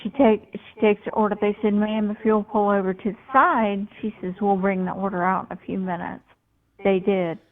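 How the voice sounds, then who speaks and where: A woman tells a rambling personal story, stopping often on fillers and restarting her sentences. She talks at an unhurried, drawn-out pace. Her voice comes through a tinny, narrow phone line. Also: medium pitch. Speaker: guest storyteller. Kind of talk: casual storytelling on a live show.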